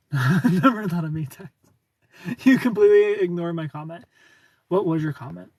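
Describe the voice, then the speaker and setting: Brief: casual streamer, British man doing an American accent, husky voice, distant mic. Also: high voice, moderate pace, no room sound. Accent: American, put on by a British speaker. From Britain. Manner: chatty, reads comments aloud, laughs often. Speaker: livestream host answering chat. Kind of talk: casual livestream chat.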